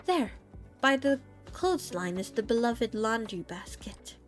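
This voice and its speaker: A young woman gently reading a second-person story as a VTuber storyteller, soft and slightly halting. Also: fairly high pitch, sing-song. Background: soft background music.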